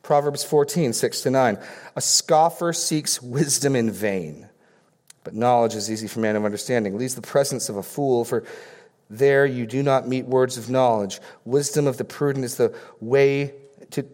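A man's voice: mid-range voice, normal speed, darkish tone, long reverb tail. A man preaching a sermon as a pastor, reading scripture passages aloud and explaining them with pointed questions.

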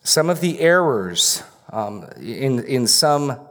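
A man's voice: medium pitch, big pitch swings, slow. A man preaching a verse-by-verse sermon as pastor, repeating key phrases for emphasis. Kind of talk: expository sermon.

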